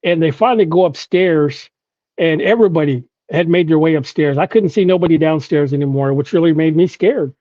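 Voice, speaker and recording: A man's voice: fairly high pitch, a little fast, warm tone, dry recording, muffled recording. A man from Oklahoma, a podcast guest, telling a personal story with frequent "you know" and restarts.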